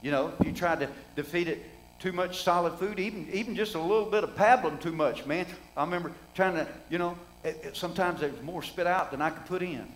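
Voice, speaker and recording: Folksy high-voiced male preacher. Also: a little fast, a little hiss or hum, low-quality recording. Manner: folksy, conversational, with rhetorical questions to the congregation. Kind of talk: sermon.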